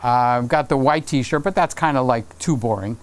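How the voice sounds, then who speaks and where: Smooth-voiced excitable man chatting live. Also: mid-range voice, normal speed. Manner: excitable, jokey, lots of fillers. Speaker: livestream host. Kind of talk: casual livestream chat reading comments. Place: home room with Christmas tree set.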